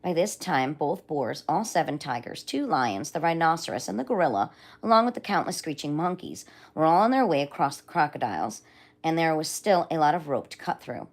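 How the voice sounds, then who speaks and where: A woman reading a children's book aloud on a livestream in a lively, expressive way. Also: low voice, brisk. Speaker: livestream storyteller.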